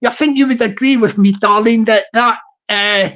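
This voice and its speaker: A live stream host with a Scottish accent chats casually and playfully with viewers, rambling through effusive shout-outs and chuckling often. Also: mid-range voice, moderate pace, highs cut off. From Scotland.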